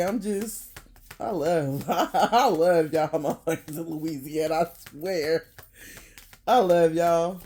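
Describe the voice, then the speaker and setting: Talking straight to camera, a vlogger goes on a casual, blunt, profane rant. There's plenty of laughter, with quiet muttering that keeps breaking into loud bursts.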